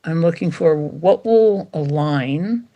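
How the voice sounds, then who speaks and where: A middle-aged dog trainer chats animatedly in a casual interview, slipping into playful voices to act out what dogs are thinking. She has a deep voice and takes her time.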